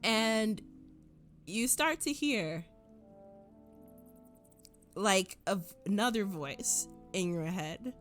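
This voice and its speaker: A woman's voice: mid-range voice, animated, extremely slow, long pauses, fairly bright tone, soft background music. A woman narrating as game master of a tabletop role-play, describing scenes unhurriedly.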